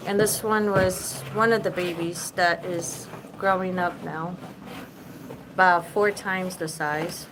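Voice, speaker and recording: A woman's voice: fairly low pitch, fairly even intonation, slow pace, noisy background. A woman and mother hosting a casual live chat, talking in a loose, rambling way and swearing freely. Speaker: livestream host.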